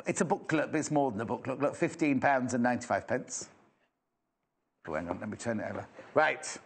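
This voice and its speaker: A man's voice: medium pitch, a little fast, vocal fry, breathy edge. A man from England presenting a live sewing shopping show, chatty and enthusiastic with self-mocking asides. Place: TV studio.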